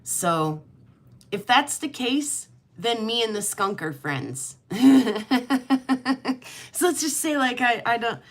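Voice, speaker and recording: A woman's voice: on the high side, lively intonation, slow, pauses often. A middle-aged woman hosting a casual livestream chat, rambling and laughing often as she talks. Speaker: livestream host.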